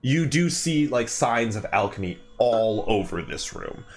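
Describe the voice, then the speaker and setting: Slow, halting male game master. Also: medium pitch, lively intonation, a little hiss or hum. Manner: hesitant, many fillers. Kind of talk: narrating a tabletop game.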